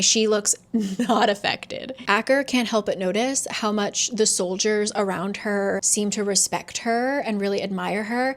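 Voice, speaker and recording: A woman casually recapping a novel's plot, sarcastic and chatty, acting out the characters' lines with quick asides and the odd swear. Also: medium pitch. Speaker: book reviewer.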